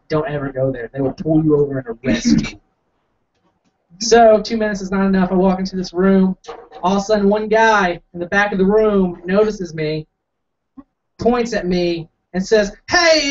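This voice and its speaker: A young man doing stand-up storytelling in a small coffee house, rambling and self-mocking, acting out the quotes. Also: on the high side. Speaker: stand-up comic. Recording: distant, dull lo-fi room recording.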